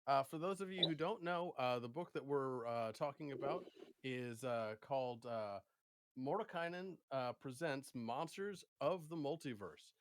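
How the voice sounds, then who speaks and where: A man co-hosting a casual podcast and game master, talking in a relaxed way with many fillers. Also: mid-range voice, a little slow. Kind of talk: casual chat about tabletop games.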